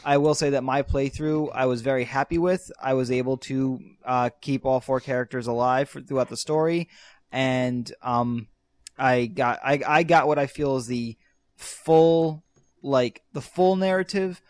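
A man's voice: medium pitch, steady tone, unhurried, no room sound. A young man co-hosting a casual podcast chat, rambling and hesitant with many fillers. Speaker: podcast co-host.

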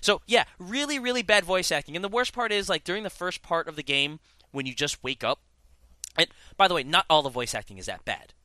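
A man's voice: high-pitched, lively intonation, a little fast, pushed and bright, no room sound. A young man chatting casually about a game as a podcast host, rambling with many restarts. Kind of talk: casual chat.

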